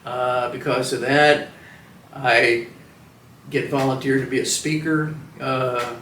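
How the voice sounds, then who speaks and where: A veteran from Washington, DC, in his seventies, recalls the past slowly and hesitantly in an oral history interview, filling it with fillers and restarts. His mid-range voice is fairly bright with fairly even intonation. A distant mic yields roomy sound and slight background noise.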